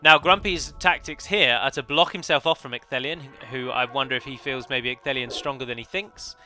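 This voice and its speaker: Over soft background music, a let's play commentator narrates his own multiplayer strategy match. His medium-pitched voice sounds brisk, pushed and bright, and his chatty, analytical game commentary is full of mid-sentence self-corrections.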